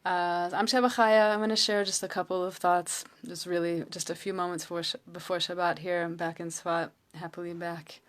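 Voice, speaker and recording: Earnest, halting woman teaching Torah. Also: on the low side, little pitch movement. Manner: earnest, halting, many restarts. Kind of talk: casual Torah talk, storytelling. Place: home.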